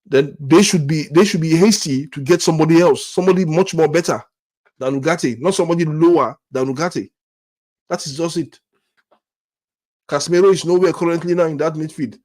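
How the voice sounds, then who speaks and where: A man with a somewhat high voice pours out his frustration as a fan-channel host. He stammers, restarts phrases and piles up rhetorical questions, sounding angry and let down throughout. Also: brisk, darkish tone. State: angry and disappointed. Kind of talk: frustrated fan rant to camera.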